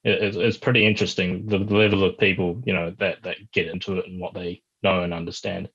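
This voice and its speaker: A man's voice: low voice, level tone, fast talker, a bit bright, husky, dull audio. A man, a podcast guest chatting casually and rambling with many restarts. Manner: rambling, many restarts, puts on a mock broken-English voice for jokes. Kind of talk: casual chat.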